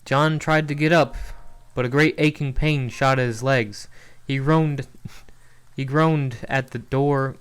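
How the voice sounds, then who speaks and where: A man's voice: mid-range voice, steady tone, slow, smooth. A man streaming a casual read-aloud of his own novel, often chuckling at his writing and restarting lines.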